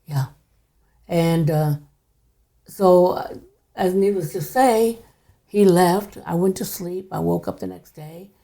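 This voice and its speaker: A woman's voice: lowish voice, slow, vocal fry, pauses often. An older woman, a podcast guest, telling a personal story in a casual way, often dropping to a near whisper. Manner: hushed, drops to near whisper at times.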